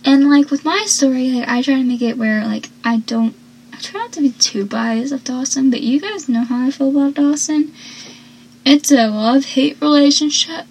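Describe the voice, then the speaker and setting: A woman's voice: high voice, normal speed, darkish tone, slight background noise, low-quality recording. A woman chatting casually as she recaps a TV show, rambling and acting out the characters' lines. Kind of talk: casual chat.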